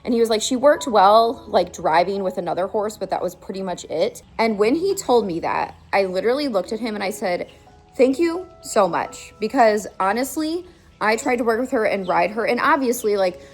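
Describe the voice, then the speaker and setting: A chatty woman hosts a horse vlog, telling a story casually and with emphasis. Her voice sits at an ordinary middle pitch, with faint music playing underneath. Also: expressive, brisk. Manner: chatty, emphatic, lots of "like" and "okay?". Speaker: horse channel host.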